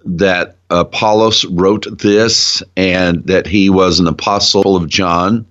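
Deep, slow-talking earnest man. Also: fairly even intonation, fairly bright tone, dull audio. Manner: earnest, enthusiastic. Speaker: guest, ministry founder. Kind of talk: casual Bible discussion.

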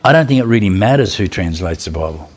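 A man giving an informal talk on Bible translation, answering a group's questions in an animated way that climbs in pitch for emphasis. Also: fast. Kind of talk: casual teaching talk.

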